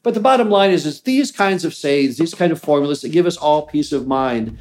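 A man's voice: on the high side, lively intonation, brisk, few pauses, a little mellow, faint music behind. A man hosting a business show, giving an earnest, plainspoken motivational talk. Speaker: host of a mobile home park business show.

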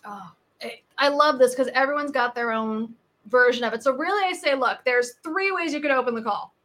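A woman's voice: high-pitched, fairly quick. A woman in her thirties, a sales coach telling stories in a podcast interview. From United States. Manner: animated, acts out quoted people in her stories. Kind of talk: conversational interview storytelling.

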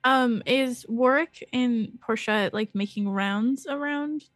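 A woman playing a tabletop game who thinks aloud and hesitates between ideas. Her voice sits a little high and sounds close and dry. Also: takes it slowly, fairly bright tone, no room sound. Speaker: player. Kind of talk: casual play at a tabletop game.

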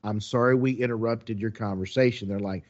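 A man telling a long story in a casual, animated way, quoting people as he goes. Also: on the low side, brisk, dull audio.

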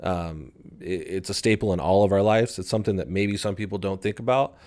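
A man in his twenties talks as a podcast guest with a deep, low voice. He speaks earnestly and reflectively, growing animated when something excites him, recorded in a studio. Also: brisk. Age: 20s. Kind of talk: casual podcast conversation.

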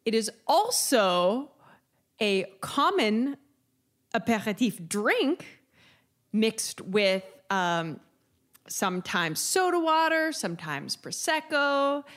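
A woman's voice: on the high side, very animated, slow, a bit bright. A woman co-hosting a podcast in casual chat, chatty and giggly, explaining things with enthusiasm. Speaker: podcast co-host. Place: lives in Italy.

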